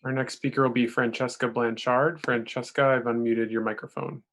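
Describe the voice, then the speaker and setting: A man moderating a council meeting, briskly calling the next speakers. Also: medium pitch, little pitch movement, a bit bright. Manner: brisk, routine. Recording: faint background noise.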